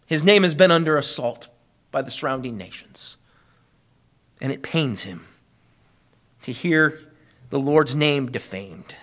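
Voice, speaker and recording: A man preaching an expository sermon, rising loud and high on appeals, then dropping low and soft, slowing on key phrases. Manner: preaching with wide swings in pitch and loudness, slowing on key phrases.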